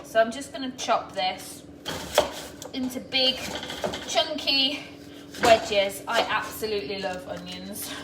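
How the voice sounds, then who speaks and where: A woman's voice: a little high, slow pace, pauses often, heavy background noise. A middle-aged woman hosting a live cooking stream from her home kitchen, chatting casually and greeting viewers by name as she works. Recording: echoey kitchen, mic far off, pan clatter.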